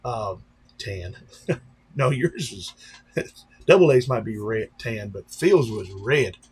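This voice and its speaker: Talking slowly in a lowish voice with lively intonation, this pastor and drone-racing streamer rambles casually to his live-stream viewers, speaking straight to them. There's slight background noise.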